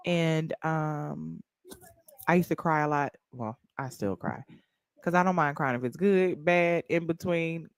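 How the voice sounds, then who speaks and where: Lively woman hosting a casual chat. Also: low voice, unhurried, clear, resonant tone, dry recording, clean studio sound. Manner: animated, swearing, emphatic. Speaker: host.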